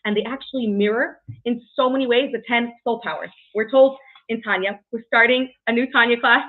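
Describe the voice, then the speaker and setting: A woman teaching a casual weekly Torah class, brisk and chatty, often checking in with "right?" and filling pauses with "um.". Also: a little high. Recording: tinny phone-like audio.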